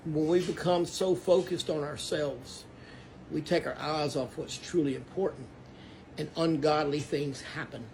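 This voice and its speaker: A man's voice: a little high, fairly even intonation, a little slow, a little mellow, a little hiss or hum. A man from Texas, earnestly telling a personal faith story that turns preachy. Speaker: Christian storyteller. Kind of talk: casual testimony.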